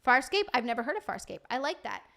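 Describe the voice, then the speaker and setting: Young woman streaming, chatty and sweary, talks to chat, kinda high voice. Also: big pitch swings, fast, vocal fry, pushed and bright. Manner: chatty, swears freely, reads chat aloud. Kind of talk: casual live-stream chat.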